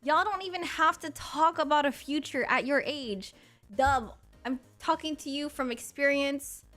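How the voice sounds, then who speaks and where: A woman in her thirties chats with her stream viewers in a high, bright voice. She is blunt, sassy and crude, and laughs often. Soft music plays under her talk. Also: a little slow. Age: 30s. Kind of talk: casual chat to chat readers.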